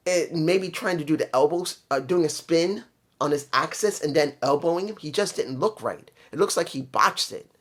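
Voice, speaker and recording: A man giving a casual solo review of a wrestling show, opinionated and thinking aloud with fillers and restarts. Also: a little high.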